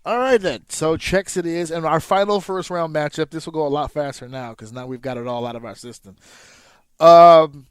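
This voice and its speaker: A man's voice: on the high side, moderate pace, smooth, no room sound. A man co-hosting a podcast, chatting casually, laughing often and swearing. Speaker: podcast co-host. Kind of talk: casual banter.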